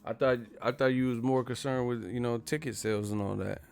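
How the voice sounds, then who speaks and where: A man's voice: mid-range voice, fairly even intonation, fairly quick, gravelly, darkish tone, soft background music. Laid-back, profane male streamer. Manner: laid-back, profane, reads viewer messages. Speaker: boxing live-stream host. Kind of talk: casual live-stream chat.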